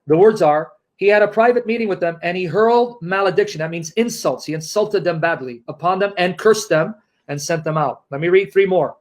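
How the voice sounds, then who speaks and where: A man arguing in a heated online debate, combative and mocking, often talking over his opponent. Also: high-pitched.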